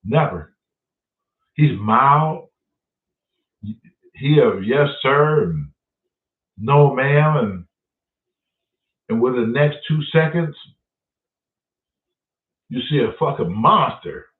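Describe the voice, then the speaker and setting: Cussing guy chatting with his live viewers, lively pitch, sounds far off and phone-like. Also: very slow, pauses often. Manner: profane, storytelling, reads out chat names. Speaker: live-stream host. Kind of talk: casual chat with live viewers. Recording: roomy, distant, phone-like audio.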